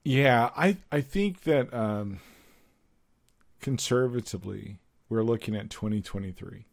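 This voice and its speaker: A man's voice: fairly low pitch, measured pace, vocal fry. A man co-hosting a podcast, chatting casually and giving opinions, thinking aloud with lots of fillers. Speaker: podcast co-host. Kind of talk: casual chat.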